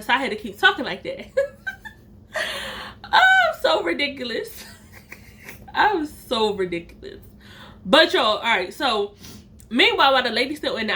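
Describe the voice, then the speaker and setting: Bright, playful woman telling a story. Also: on the high side. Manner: playful, chatty, laughs at herself. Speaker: storytime vlogger. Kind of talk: casual storytelling to viewers.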